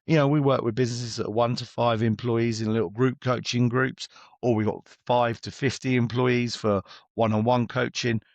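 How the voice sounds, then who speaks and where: Gravelly man, middle-aged, blunt chatty business coach, dry close sound. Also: medium pitch, little pitch movement, normal speed, no echo. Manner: blunt, chatty, acts out exchanges with clients. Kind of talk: podcast interview guest.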